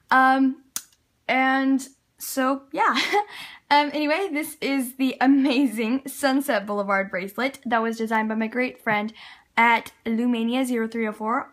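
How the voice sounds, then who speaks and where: A woman's voice: fairly high pitch, fairly bright tone. A woman hosting a craft tutorial from a table by a window at home, chatty and upbeat, with many fillers. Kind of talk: casual how-to narration.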